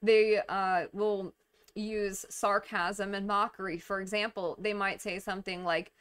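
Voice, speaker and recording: A woman's voice: mid-range voice, level tone, unhurried, fairly bright tone, clean tone. A woman casually explaining a topic to camera in a conversational way, with fillers, restarts and small laughs. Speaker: YouTube commentator on narcissism.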